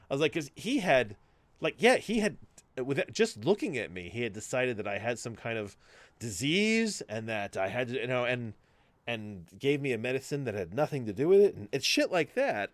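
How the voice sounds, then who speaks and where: Animated, swearing podcast storyteller man. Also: mid-range voice, a little fast, no room sound. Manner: animated storytelling, swearing, acts out quoted voices. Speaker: podcast co-host. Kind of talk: casual chat.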